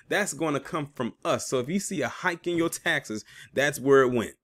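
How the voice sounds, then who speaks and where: A man's voice: animated, moderate pace, fairly bright tone. A man hosting his own commentary channel, reading news aloud and breaking in with sarcastic, emphatic remarks. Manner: sarcastic, emphatic, rising pitch when stressing points.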